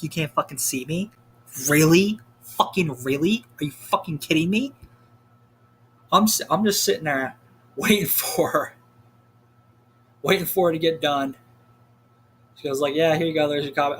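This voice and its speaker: A young male vlogger tells a story in a rambling, casual rant full of swearing and filler words, leaning heavily on "like." His voice is mid-range and a bit bright, with a little hiss or hum in the recording.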